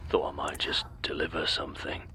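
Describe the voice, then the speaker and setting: An actor playing a menacing male deliveryman creature in an audio drama, whispering clipped, flat threats. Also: brisk, a little hiss or hum, lightly acted. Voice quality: whispery, gravelly.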